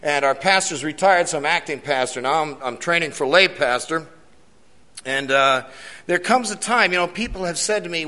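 A man with a fairly high voice delivers an earnest sermon testimony to his congregation. He repeats key lines for weight and asks the crowd questions. His voice rings out with a long reverb through a church hall. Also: normal speed, pushed and bright. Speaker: church elder giving testimony.

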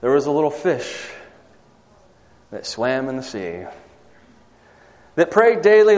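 A male pastor in the middle of a sermon, swinging from hushed conversational asides up to emphatic peaks as he tells a story to his congregation. A long reverb from the church hall trails behind his mid-pitched voice. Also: big pitch swings, measured pace, long pauses.

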